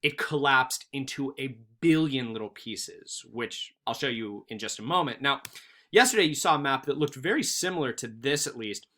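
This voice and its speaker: A man's voice: medium pitch, moderate pace. A male teacher giving a recorded history lesson, telling stories animatedly and acting out quotes. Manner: animated storytelling with acted-out quotes.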